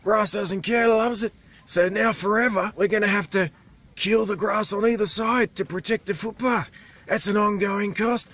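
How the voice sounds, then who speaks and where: A man imitating an animated older male islander, drawling and exasperated. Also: sits high, moderate pace, pitched above the performer's own voice. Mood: indignant.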